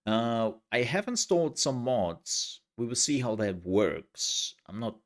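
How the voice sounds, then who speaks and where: A man's voice: mid-range voice, big pitch swings, takes it slowly. A man streaming a game, chatting casually in a rambling, joking way. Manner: rambling and jokey, with restarts and laughs. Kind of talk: casual live-stream chat.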